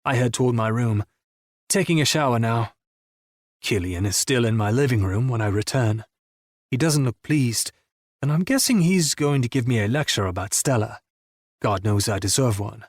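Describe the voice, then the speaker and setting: A man's voice: medium pitch, lively intonation, normal speed, dry recording, studio quality. A man narrating a first-person romance audiobook in an intense, emotional reading.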